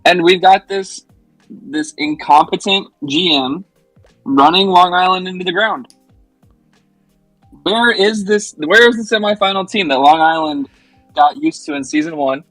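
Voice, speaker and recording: A man's voice: high-pitched, a little slow, long pauses, a bit bright, no echo, soft background music, rough recording. A man playing an angry team manager who storms in to complain, indignant and accusatory. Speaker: rival team general manager. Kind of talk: mock-angry comedy bit.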